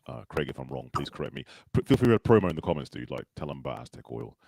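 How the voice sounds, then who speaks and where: A man hosting a casual live stream, joking and chatting fast with a guest. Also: very deep voice, very animated, creaky, darkish tone, dry recording. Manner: joking, quick, laughs often. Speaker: show host.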